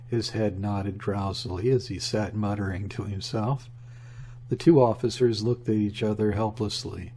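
A man narrating a classic novel in a steady, measured reading. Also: lowish voice, slight background noise. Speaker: audiobook narrator. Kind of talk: scripted narration.

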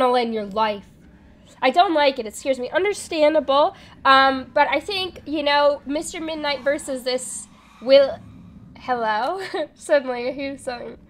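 A young woman streaming a horror game live, chatty and excitable, reading the game text aloud and jumping to loud yelps. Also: sits high, normal speed.

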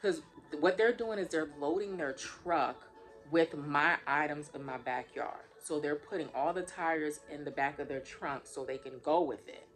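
A woman vlogger telling a story to her viewers in a casual, animated, venting way. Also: low-pitched, a little slow, soft background music. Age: adult.

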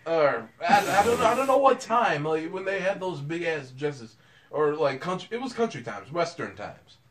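A man's voice: on the high side, moderate pace. A man chatting casually with friends, acting out silly characters and laughing often. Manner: animated storyteller, acts out shouting characters and laughs a lot. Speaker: podcast co-host. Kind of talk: casual chat among friends.

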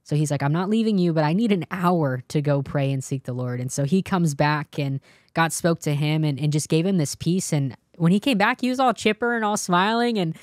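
A woman's voice: low-pitched, a little fast, darkish tone, no echo. Young adult woman, interview guest, earnest testimony, dry close sound. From California. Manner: earnest, tells story with quoted dialogue. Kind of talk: emotional personal testimony.

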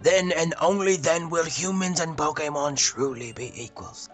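In a game playthrough, a man voices a pompous male cult leader delivering a grand, preachy speech that breaks into laughs. His lightly acted, pushed-up voice is a little high at normal speed, over soft background music.

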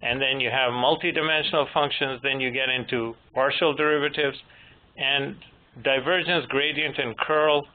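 Man in his fifties, presenter of a measured technical lecture, mid pitch, phone-line audio with faint hiss. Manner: measured, anecdotal, gently humorous. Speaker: moderator and presenter.

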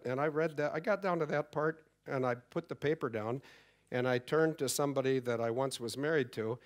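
Man, middle-aged, conference speaker, lively storyteller who acts out quotes. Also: medium pitch, fairly quick. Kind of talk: conference talk. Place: conference hall.

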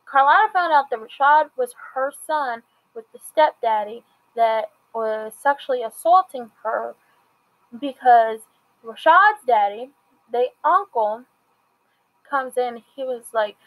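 A chatty woman reviews a TV episode, her voice sitting a little high. She retells scenes by acting out bits of dialogue, loose and conversational throughout. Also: measured pace, rough recording. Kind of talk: casual recap and commentary.

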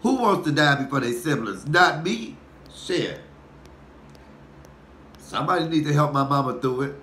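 A man, a comedian vlogger, doing a profane, animated casual rant for his viewers. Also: fairly high pitch, moderate pace. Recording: echoey room with faint noise.

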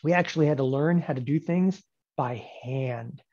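A man in his forties teaching options trading in a lecture, emphatic and sarcastic, with animated bursts. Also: medium pitch, moderate pace, muffled recording. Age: 40s.

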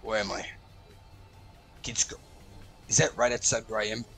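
A man hosting a let's play, reacting loudly and profanely, yelling at the game as he plays. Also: on the low side, moderate pace, soft background music. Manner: excitable, profane, shouts at the game. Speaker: gaming channel host.

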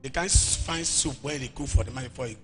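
A Nigerian man preaching a deliverance sermon in church, animated and often shouting. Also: medium pitch, fast talker, faint music behind. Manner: animated, shouting, mimics people. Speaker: pastor.

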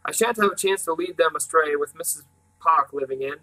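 A gruff old great-uncle professor who speaks firmly and curtly, as a man reading a storybook puts him on. The voice is bright and fairly high for a man. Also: a little fast, low-quality recording. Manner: firm, curt.

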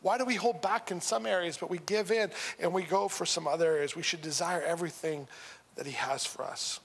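A high-pitched man preaching in a church hall with a long, ringing reverb. He talks loosely and with humor, stopping and restarting his sentences as he goes. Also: fairly quick, vocal fry, fairly bright tone, breathy edge. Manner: conversational, humorous, with frequent restarts. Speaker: pastor. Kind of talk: sermon. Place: church sanctuary.

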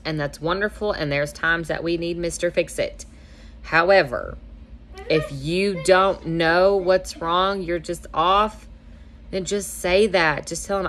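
Young woman host, lowish voice, chatty, acts out bits of dialogue. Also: a bit bright. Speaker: host giving marriage advice. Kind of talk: casual advice talk.

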